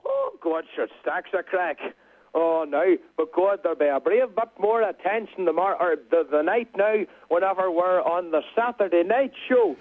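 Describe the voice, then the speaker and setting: A man's voice: high-pitched, lively intonation, moderate pace. An eighteen-year-old man with a Donegal accent, rambling with local expressions as a radio interview guest. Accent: Donegal Irish. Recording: tinny phone line.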